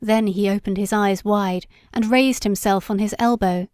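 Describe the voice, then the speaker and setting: A woman reading a story aloud as an audiobook narrator, in a measured, unhurried way. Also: medium pitch, fairly even intonation, a little mellow, smooth, dry recording, studio quality. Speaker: audiobook reader. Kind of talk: scripted narration.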